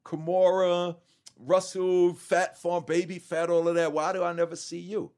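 Man voicing a male agent, breezy, curious, slightly raised pitch. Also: little pitch movement, normal speed, darkish tone, natural voice. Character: casual male agent at a meeting.

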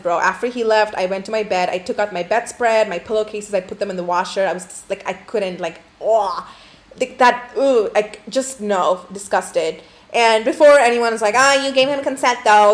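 Young woman host, casual profane storyteller, rambling and candid, filler-heavy delivery. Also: mid-range voice. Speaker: podcast host.

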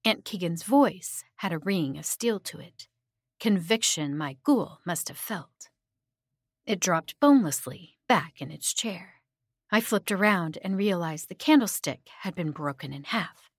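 Woman horror narrator, slow and breathy, hushed, dry close mic. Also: fairly low pitch, lively intonation, no room sound. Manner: hushed, drops to whispers at tense moments.

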